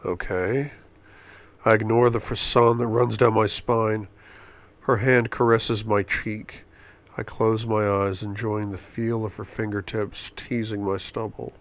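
A man's voice: fairly low pitch, flat delivery, measured pace. A man reading a novel aloud in first person, often murmured and intimate. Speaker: audiobook reader.

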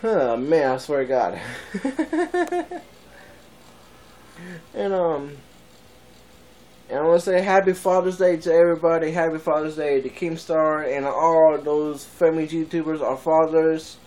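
A man's voice: on the high side, steady tone, moderate pace, a little mellow, poor audio. A man in his twenties, rambling casually in a vlog and laughing often. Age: 20s. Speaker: vlogger.

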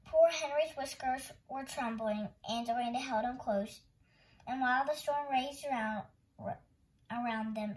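A woman hosting storytime, reading a picture book aloud in a gentle, expressive way. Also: on the high side, poor audio. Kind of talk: children's read-aloud narration.

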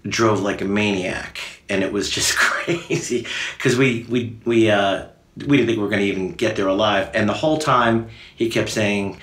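A band member telling stories in a relaxed, rambling documentary interview. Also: male voice, lowish voice, normal speed, echoey room. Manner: rambling storytelling with fillers.

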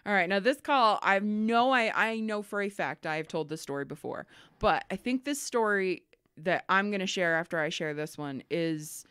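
A woman's voice: mid-range voice, normal speed, smooth, no echo. Chatty woman podcast host, dry close sound. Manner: animated storyteller, swears freely, laughs often. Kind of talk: casual chat, reading listener emails.

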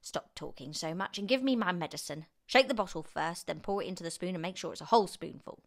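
A woman voicing a bossy, cranky old grandmother who snaps and shouts in a storybook reading. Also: on the low side, quick pace, natural voice. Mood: snapping.

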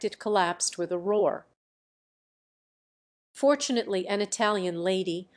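A woman reading a classic novel aloud at a very slow, deliberate pace. Her voice sits at an ordinary middle pitch and keeps an even, scripted narration throughout. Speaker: audiobook narrator.

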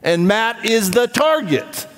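Emphatic pastor preaching in a hall. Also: male voice, lively intonation, slow, soft background music. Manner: emphatic, swings from low asides to raised exhortation. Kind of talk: sermon. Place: church.

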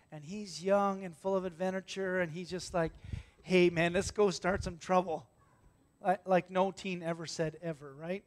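A man preaching a church sermon, telling stories with lively acted-out voices and moving from loud bursts to hushed tones. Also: high voice. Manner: animated storytelling, acting out voices, swinging from loud to hushed. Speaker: pastor.

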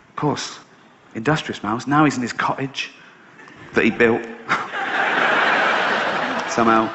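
A man's voice: mid-range voice, a bit bright, highs cut off, a little hiss or hum. A middle-aged man doing a stand-up routine, telling a story sardonically and swearing casually. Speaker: stand-up comedian. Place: live stage show.

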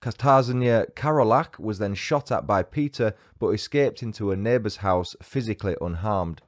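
A man's voice: on the low side, normal speed. A man hosting a true crime podcast, reading a scripted story with dry, wry asides.

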